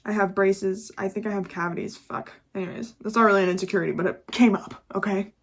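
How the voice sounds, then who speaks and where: A woman's voice: medium pitch, steady tone, fast talker, breathy edge. Chatty, profane young woman vlogger. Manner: candid, profane and chatty, laughs often. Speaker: YouTuber. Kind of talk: casual confessional vlog chat.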